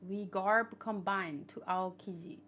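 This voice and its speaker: A woman hosting a manga read-along, giving chatty and excitable commentary and swearing casually. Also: medium pitch, a little slow.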